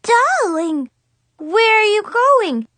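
Squeaky, swooping six-year-old girl in a put-on French accent, a pretend salon diva, voiced by a woman. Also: sing-song, extremely slow, fairly bright tone, no room sound, heavily acted. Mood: grand, coaxing. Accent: fake French. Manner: grand, theatrical, squealing.

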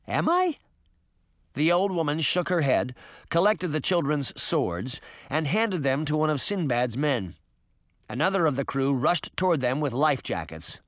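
A man narrates an audiobook in an expressive, storytelling style, reading from a script. His voice is on the high side at a moderate pace, recorded dry with studio quality.

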